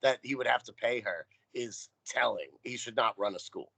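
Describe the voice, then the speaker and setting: A man's voice: medium pitch, normal speed, creaky, a bit bright, no echo. A man co-hosting a podcast, giving a wry, profane play-by-play recap of a TV episode. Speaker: podcast co-host. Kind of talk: casual recap chat.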